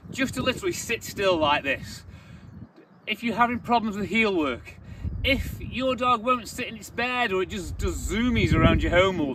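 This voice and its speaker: Man, dog trainer, high voice, blunt and opinionated, faint outdoor noise. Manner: blunt, opinionated, mocks baby talk in a high voice. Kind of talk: direct-to-camera training advice.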